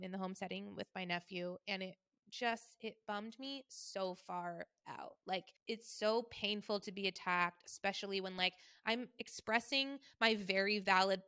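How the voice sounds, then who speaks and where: Thirties woman host, bright tone, wry and soft-spoken, dry studio sound. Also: medium pitch, clear, resonant tone, no echo. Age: 30s. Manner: wry, conversational, quiet and hurt. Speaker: podcast host. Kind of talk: personal storytelling monologue.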